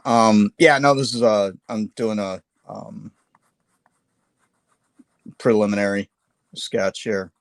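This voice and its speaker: A man's voice: lowish voice, fairly even intonation, slow, creaky, long pauses, dry recording. A man hosting a live painting stream, chatting casually while he sketches, with lots of fillers and self-deprecating asides.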